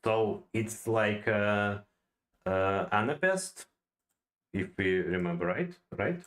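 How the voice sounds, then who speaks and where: Brief: man, slow deliberate delivery, low voice, hesitant study-aloud tone. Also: low-quality recording. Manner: halting, many fillers and restarts, non-native phrasing. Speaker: self-taught poetry learner. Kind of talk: thinking-aloud study session.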